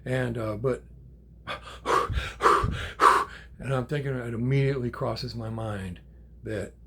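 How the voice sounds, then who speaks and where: An older man, a grandfather, telling a story in a casual, animated way, with swearing and acted-out quotes. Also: mid-range voice, normal speed, slightly rough. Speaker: channel host.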